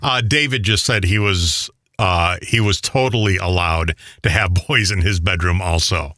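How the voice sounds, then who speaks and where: A man's voice: deep voice, unhurried, sharp tone, dry recording, studio quality. A man co-hosting a casual talk show, teasing and cracking jokes with big laughs. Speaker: co-host. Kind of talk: casual chat.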